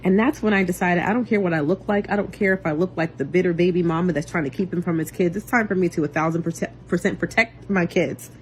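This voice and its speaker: Young woman, direct-to-camera testimony; earnest and intense, with sharp swings from loud to hushed. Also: quick pace, few pauses, a little hiss or hum. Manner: earnest, intense, swings between loud outbursts and quiet low passages. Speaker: vlogger and single mother. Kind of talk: emotional personal testimony to camera.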